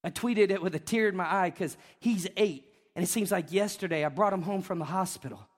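Pastor guy in his 30s, kinda high voice, preaching all worked up and emotional, big echoey church. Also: brisk. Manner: emphatic, emotional preaching with repeated questions and rising shouts. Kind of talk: sermon. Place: church sanctuary. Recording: long reverb of a church hall.

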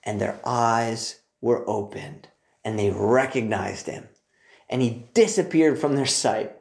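A man's voice: medium pitch, slow pace, gravelly. A man teaching a Bible passage in a casual, enthusiastic way, full of joking asides. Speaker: preacher. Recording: roomy echo.

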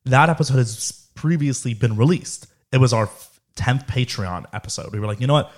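A man's voice: mid-range voice, brisk. A young man co-hosts a casual podcast and teases his friends as he talks. He often cuts in over the others, and his voice sits in an ordinary middle range. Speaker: podcast co-host. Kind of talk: casual banter.

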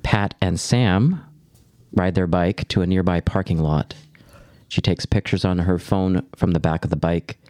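A man's voice: low voice, a little slow, no echo. A man hosting a casual movie podcast, recapping the plot and joking with his co-hosts. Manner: joking, reads the synopsis in a plain steady way. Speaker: podcast host.

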